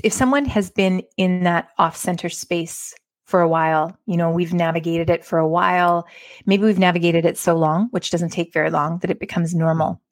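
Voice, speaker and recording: Woman podcast host, lowish voice, dry close mic, reflective and inviting. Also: dry recording. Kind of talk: casual podcast chat.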